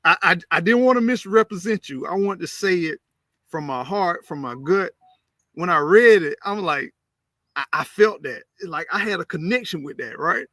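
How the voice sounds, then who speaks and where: A man hosts a casual livestream, his high voice swooping up and down. He talks bright and sharp, repeats phrases and drifts into preachy asides. The sound is dry and close. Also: normal speed, no room sound. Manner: animated, preachy, reads chat aloud with repeated phrases. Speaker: livestream host.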